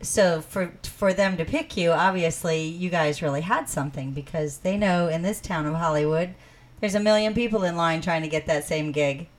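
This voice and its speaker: A woman's voice: on the low side, normal speed. A woman co-hosting a casual interview, speaking in an appreciative way. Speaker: co-host.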